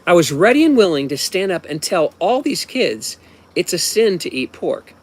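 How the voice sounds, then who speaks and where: A man's voice: sits high, sing-song, moderate pace. Rambling man in his fifties. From Ohio, USA. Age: 50s. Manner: rambling, with frequent restarts and asides. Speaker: storyteller. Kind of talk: casual personal storytelling.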